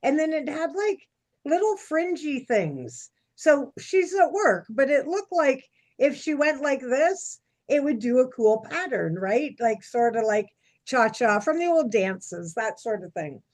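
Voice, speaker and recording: Woman cohost, chatty storyteller, kinda high voice, animated. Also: measured pace. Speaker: podcast co-host. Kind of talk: casual chat.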